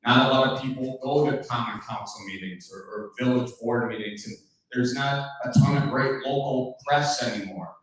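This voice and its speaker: A man's voice: mid-range voice, normal speed, fairly bright tone. Man, joking rambling public talk, heavy hall echo, distant from mic. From Wisconsin. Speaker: public speaker at a community meeting. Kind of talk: casual public talk with jokes. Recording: very echoey hall, voice far from mic.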